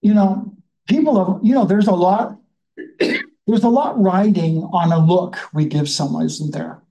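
Mellow-voiced, unhurried Bible study leader. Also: medium pitch, low-quality recording. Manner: reads scripture slowly, then reflects in a chatty, musing way. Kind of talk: conversational Bible teaching.

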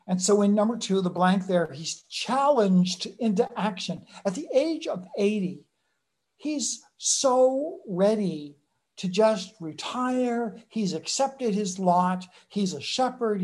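A woman preaches in an easygoing, conversational manner. Her voice is mellow and warm, with a middle pitch for a woman. She briefly puts on voices for the people in her story as she retells it. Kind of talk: sermon.

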